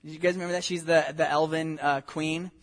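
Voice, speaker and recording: A man from Southern California preaching a sermon, animated and conversational, with frequent asides and questions to the congregation. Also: fairly high pitch, a little fast. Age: adult, married with a wife. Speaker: pastor. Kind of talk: expository sermon.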